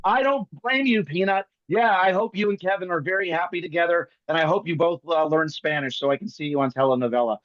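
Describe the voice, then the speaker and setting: A man with a high, bright-pitched voice riffs through a comic bit on a video call, tossing in quick impressions. The sound is dry and close but a little dull, like webcam audio. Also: dry recording. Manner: rapid comic riffing with bits of mimicry. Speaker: guest magician.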